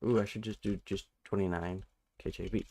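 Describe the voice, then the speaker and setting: A man hosting a live-streamed Bible study, thinking out loud, correcting himself mid-sentence and reading scripture aloud while he looks up verses. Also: low voice, steady tone. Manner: halting and self-correcting, restarts numbers while looking up verses; reads scripture and viewer chat aloud.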